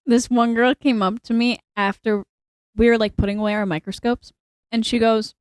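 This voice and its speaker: A teenage girl telling a story in a casual podcast chat, animated, full of "like" and acted-out dialogue. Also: fairly high pitch, moderate pace, clear, resonant tone, dry recording, clean studio sound. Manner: animated, lots of "like", acts out quoted dialogue.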